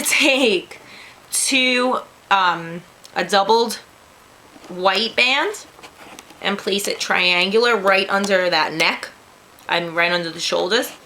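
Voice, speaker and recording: Chatty New York woman, lowish voice. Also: pushed and bright, slight background noise, low-quality recording. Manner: chatty, self-deprecating asides. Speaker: craft tutorial host. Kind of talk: casual step-by-step tutorial.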